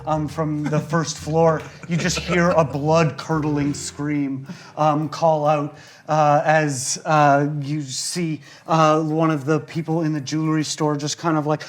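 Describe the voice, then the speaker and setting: A man's voice: a little high, level tone, slow. A man narrating a tabletop game as game master, in a loose, rambling way full of fillers.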